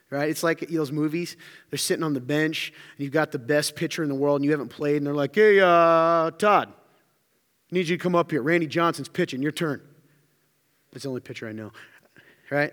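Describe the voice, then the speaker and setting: A man preaching a sermon as a pastor, telling stories with lively acted-out quotes. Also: a little high. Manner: animated storytelling, acts out quotes. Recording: live hall reverb.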